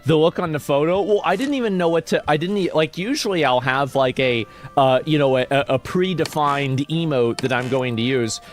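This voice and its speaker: A man's voice: fairly high pitch, normal speed, hardly any pauses. A man casually chatting on a livestream, reading posts aloud and answering chat in a rambling, mocking, profane way. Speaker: streamer.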